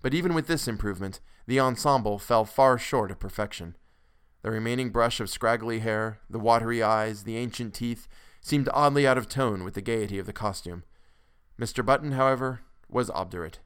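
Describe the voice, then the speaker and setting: Smooth-voiced male story narrator. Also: medium pitch. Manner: measured, expressive delivery. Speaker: podcast host and narrator. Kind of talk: dramatic storytelling reading.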